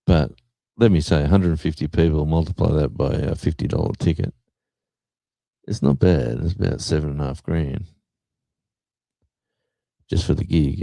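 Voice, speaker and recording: A man's voice: a bass voice, vocal fry, mellow, dry recording. A middle-aged man hosting a livestream, chatting casually and rambling with lots of fillers. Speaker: livestream host.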